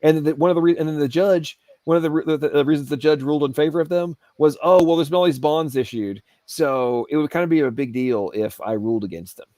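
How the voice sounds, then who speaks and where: A man's voice: fairly high pitch, quick pace, hardly any pauses, dark tone, no echo. A man hosting an aftershow, ranting heatedly and sarcastically about government waste. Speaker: show host. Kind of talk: aftershow rant. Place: Asheville home studio.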